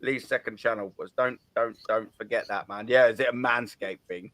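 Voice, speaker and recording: A man hosting a live football fan stream, giving laid-back, repetitive shout-outs to the chat. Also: fairly low pitch, fairly even intonation, moderate pace. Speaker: stream host. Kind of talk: casual live stream sign-off.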